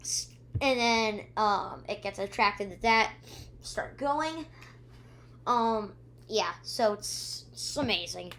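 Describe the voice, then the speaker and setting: A young woman reviewing on YouTube recaps a show's episodes, rambling casually with lots of ums, acting out characters' lines, and humming sound effects. She records on her own camera, speaking slowly in a mid-range, slightly bright voice.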